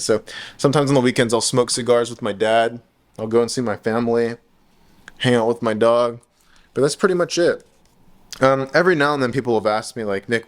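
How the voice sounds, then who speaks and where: Laid-back young man rambling. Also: medium pitch. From United States. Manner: relaxed, filler-heavy, frequent "like" and restarts. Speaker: trading vlogger. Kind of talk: casual rambling monologue.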